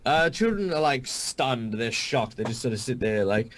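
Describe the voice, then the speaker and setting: A man's voice: medium pitch, animated, low-quality recording. Man narrating a tabletop game. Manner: halting, many fillers and restarts. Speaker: game master.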